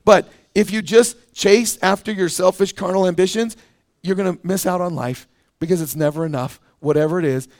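Animated high-voiced man preaching. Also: moderate pace. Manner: animated, conversational, acts out quoted voices. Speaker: pastor. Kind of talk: sermon. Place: church.

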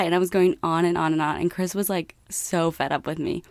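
A young American woman in casual chat, telling a story with lots of laughter and animated quoting. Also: on the low side, fairly quick, hardly any pauses, dry recording, clean studio sound. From United States. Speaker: co-host.

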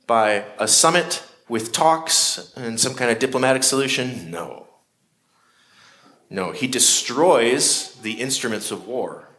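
A man's voice: medium pitch, fairly bright tone, a little hiss or hum. A man preaching a sermon in a conversational way, with shifting emphasis. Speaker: pastor.

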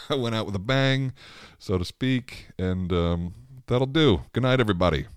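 A man's voice: fairly low pitch, unhurried, smooth, dry recording, clean studio sound, pitched above the performer's own voice, natural voice. A man voicing a glib man coldly signing off, in a flippant, breezy tone.

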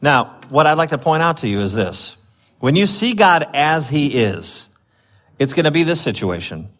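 A man's voice: on the high side, big pitch swings, moderate pace, fairly bright tone. A man preaching a conversational sermon, often stopping and restarting, with his voice lifting when he reads scripture aloud. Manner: chatty, with many fillers and restarts, rising when reading scripture. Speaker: pastor.

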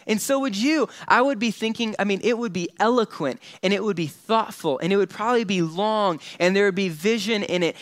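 A man preaching a sermon, lively and conversational, dropping quiet and slow for dramatic moments. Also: high voice, smooth, no room sound. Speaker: pastor.

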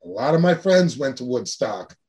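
A man's voice: medium pitch, very animated, normal speed, a little mellow. A man, chatting casually as a guest on a video call, laid-back and swearing freely. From New York, Long Island. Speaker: guest guitarist. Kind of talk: casual interview chat.

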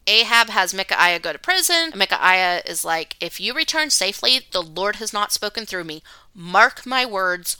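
A woman's voice: mid-range voice, big pitch swings, normal speed, few pauses, pushed and bright, clear, resonant tone, dry recording. A woman hosting a podcast, retelling a Bible story in a casual, playful way with slangy asides. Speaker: podcast host.

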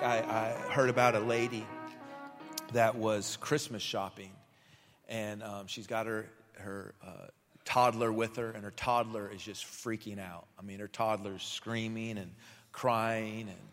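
A man's voice: lowish voice, fairly even intonation, measured pace, fairly bright tone, faint music behind. Male pastor preaching in an echoing hall. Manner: conversational storytelling with many fillers and restarts. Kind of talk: sermon. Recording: long hall reverb.

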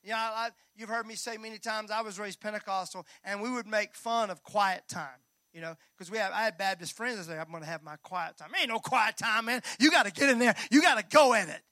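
A high-voiced man preaches a sermon, bright and forceful in tone. He swings from loud rallying calls down to hushed, near-whispered lines, dropping folksy jokes to his congregation. The sound is close and dry. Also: a little fast, hardly any pauses, dry recording. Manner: folksy, joking asides to the congregation. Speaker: pastor.

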